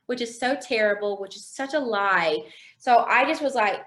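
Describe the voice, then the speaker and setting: Young woman, guest, telling her testimony with acted-out quotes, voice on the higher side. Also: moderate pace. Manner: expressive storyteller, acts out quoted dialogue. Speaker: interview guest. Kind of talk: conversational faith testimony.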